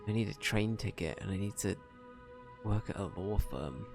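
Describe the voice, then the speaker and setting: A weary, doubtful newcomer to adventuring, read in a hushed, low voice by a man playing through a game. The delivery is quiet and flat, with soft game music behind. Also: moderate pace. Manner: quiet, subdued reading of game dialogue. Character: weary first-time adventurer, anxious and doubtful. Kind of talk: reading game dialogue aloud.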